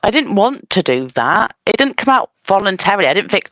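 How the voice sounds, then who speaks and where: A speaker with a Scottish accent chatting on a video call, animated and giggly and quick to laugh at themself. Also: medium pitch, rough recording. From Scotland. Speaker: co-host. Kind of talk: casual chat on a video call.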